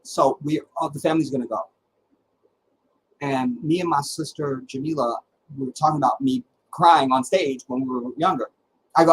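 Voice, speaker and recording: Animated middle-aged man telling stories. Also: a little high, slight background noise, low-quality recording. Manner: animated and dramatic, with halting restarts. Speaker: livestream host. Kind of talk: casual personal storytelling.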